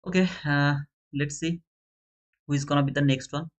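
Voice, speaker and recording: A man's voice: a little high, moderate pace. Chatty man hosting a live giveaway. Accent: South Asian English. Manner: chatty, counting and reading names aloud, excitable bursts. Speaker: trading channel host running a giveaway. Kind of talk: casual live-stream chat.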